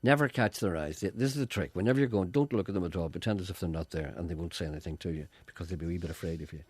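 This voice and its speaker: A man's voice: deep voice, very fast, a little mellow, slightly rough, dry recording. A man hosting a casual radio chat, telling wry stories. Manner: wry, storytelling, reads listener letters aloud. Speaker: radio host.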